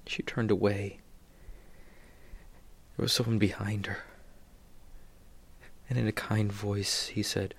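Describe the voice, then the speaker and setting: A man's voice: fairly low pitch, little pitch movement, slow, vocal fry, pauses often, husky. A man preaching a sermon, retelling a story dramatically, dropping to near whispers and then rising sharply.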